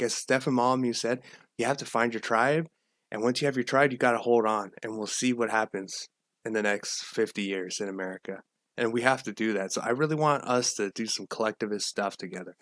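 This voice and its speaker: A man's voice: medium pitch, a bit bright, no room sound, studio quality. A man hosting a casual livestream, rambling with repeats and restarts and greeting viewers from the chat. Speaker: livestream host.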